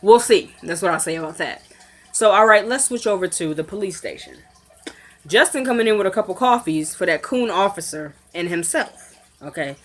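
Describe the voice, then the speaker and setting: A woman casually recapping a TV drama episode, chatty and animated, retelling scenes and quoting the characters. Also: moderate pace. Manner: animated, quotes characters in lowered voices, laughs often.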